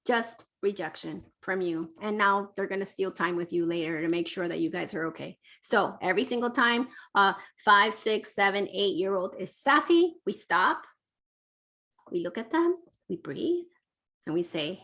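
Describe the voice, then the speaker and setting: A woman, a parenting educator, teaching parents in a lively way, acting out little quotes and checking in with "right?". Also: medium pitch, normal speed. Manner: animated, acts out quotes, keeps asking "right?".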